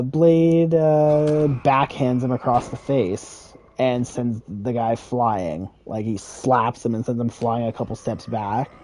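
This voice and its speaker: A man's voice: mid-range voice, dark tone, a little hiss or hum. Laid-back man swearing through a story. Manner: profane, rambling, chuckles. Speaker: gaming creator. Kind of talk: casual storytelling.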